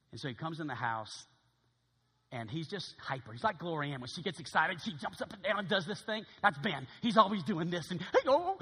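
A man preaching as a pastor, telling a story in an animated way and acting out each voice. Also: high voice, breathy edge, long reverb tail. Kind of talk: sermon storytelling.

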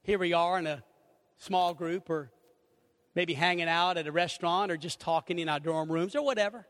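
A middle-aged man preaching a sermon, animated, acting out little conversations and swinging between loud and hushed. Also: on the high side, normal speed. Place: church sanctuary. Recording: reverberant hall.

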